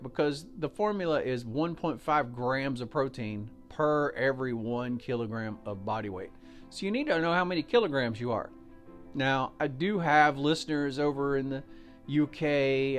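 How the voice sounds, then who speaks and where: Folksy American man hosting a podcast. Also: medium pitch. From United States. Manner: chatty, folksy, explains step by step with fillers. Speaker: podcast host. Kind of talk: casual solo podcast talk.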